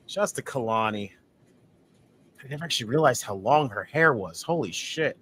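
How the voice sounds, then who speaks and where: A man co-hosting a wrestling watch-along, reacting casually with frequent swearing and sudden loud outbursts. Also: medium pitch, a little hiss or hum.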